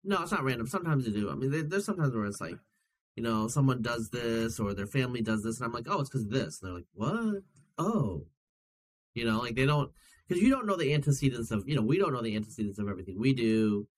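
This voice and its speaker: A man's voice: medium pitch, fast talker. A man talking as a podcast guest, telling anecdotes with laughter and acted-out quotes. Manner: animated storyteller, laughs often, acts out quoted voices. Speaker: guest geneticist and writer. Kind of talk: casual podcast conversation.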